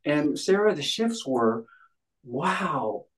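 A man's voice: medium pitch, moderate pace, darkish tone, poor audio. Male interview guest, mid-range voice, earnest and insistent, conversational. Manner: earnest, emphatic, repeats phrases for stress.

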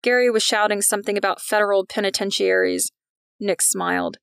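A woman's voice: medium pitch, fairly even intonation, brisk, vocal fry, a bit bright, clear, resonant tone, no room sound, clean studio sound. A woman narrating a fiction podcast in a wry storytelling manner.

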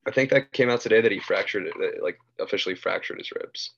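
A man's voice: fairly low pitch, quick pace, vocal fry, a bit bright. A laid-back man chatting casually as a podcast co-host, laughing along and often trailing off. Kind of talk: casual chat. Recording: dull, muffled mic.

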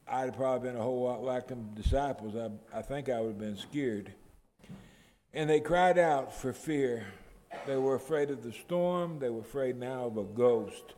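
A man's voice: mid-range voice, dark tone, slight background noise. A man preaching a sermon, retelling the story and building to emphatic outbursts. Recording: long reverb of a large hall.

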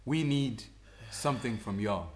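A man's voice: mid-range voice, a little slow, darkish tone. Young man bantering on a podcast. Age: young adult. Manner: joking, storytelling banter. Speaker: co-host.

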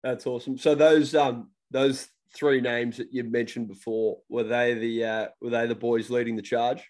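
A man hosting a casual interview, relaxed and chatty, asking questions. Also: medium pitch, moderate pace. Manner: relaxed, chatty, laughs along. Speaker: podcast host.

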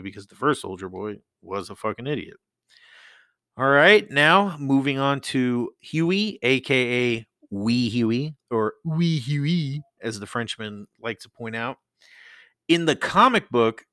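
A man's voice: medium pitch, animated, a little slow, pushed and bright, no echo. A man hosting a casual solo podcast, rambling and swearing as he talks into a close mic. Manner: rambling, profane, laughs often. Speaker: podcast host.

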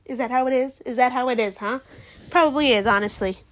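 A young woman with a high, bright-sounding voice talks through a show episode in a loose, chatty way. She gets heated and indignant, swinging between muttered asides and loud outbursts. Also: quick pace. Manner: animated, indignant, acts out characters in quotes. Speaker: show reviewer. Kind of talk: casual recap chat.

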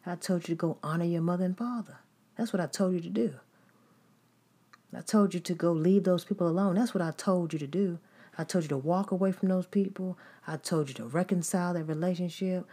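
A woman delivers a sermon, her voice sitting a little low for a woman. She drives her points home through emphatic repetition, stacking line after line. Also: fairly quick, dark tone, breathy edge. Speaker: preacher.

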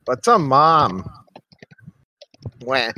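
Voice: mid-range voice, sing-song, drawn-out words, pushed and bright, a little hiss or hum, heavily acted. A player doing a squawking bird-creature. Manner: squawking, short clipped phrases. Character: mimicking bird-folk kenku adventurer. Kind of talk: tabletop role-play.

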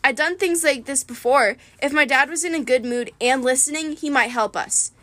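A woman reading a first-person adventure novel aloud in a lively storytelling manner. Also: sits high, normal speed, dry recording. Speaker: reader.

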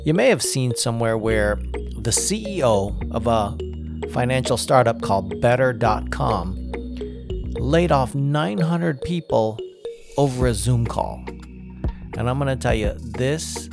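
A man giving casual spoken commentary on leadership, emphatic and climbing higher in pitch as he presses a point. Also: expressive, unhurried, gravelly, over music. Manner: emphatic, rises in pitch when making a point.

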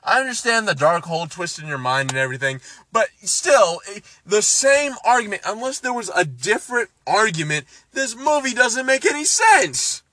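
A man's voice: sits high, very animated, normal speed, hardly any pauses, sharp tone, no room sound. A man casually recapping a film, ranting and swearing, exasperated. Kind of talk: casual movie recap chat.

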